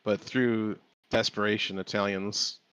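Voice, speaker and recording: A man's voice: lowish voice, level tone, measured pace, fairly bright tone, smooth, lo-fi sound. A man in a casual chat over a voice call, telling rambling anecdotes full of restarts. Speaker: watch-along participant. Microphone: computer mic on a voice call.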